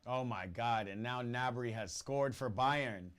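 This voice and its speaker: A man streaming a football watch party and chatting to his viewers in loose slang. He reacts loudly to every goal and keeps his talk casual and excitable. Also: medium pitch, unhurried, smooth. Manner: excitable, slangy, exclaims at goals. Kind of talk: live stream reaction chat.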